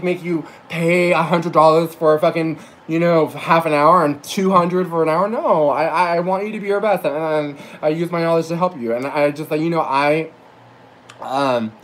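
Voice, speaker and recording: A man's voice: a little high, a little hiss or hum, poor audio. A tipsy man working as a psychic reader, ranting and rambling through a profane livestream monologue, teary at times and correcting himself as he goes.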